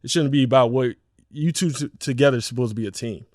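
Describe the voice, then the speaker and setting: A man's voice: mid-range voice, fast, dry recording, studio quality. A man in a casual podcast chat, talking earnestly and repeating himself as he thinks aloud. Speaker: podcast co-host.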